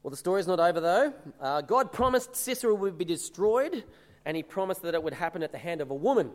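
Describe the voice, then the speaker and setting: High-voiced man preaching in a hall. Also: very animated, fast talker. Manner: earnest, emphatic preaching with verse readings. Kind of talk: sermon.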